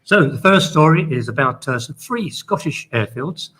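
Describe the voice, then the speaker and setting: Male news presenter, husky, measured and explanatory. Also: fairly high pitch, expressive, fairly bright tone, poor audio. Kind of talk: casual news summary.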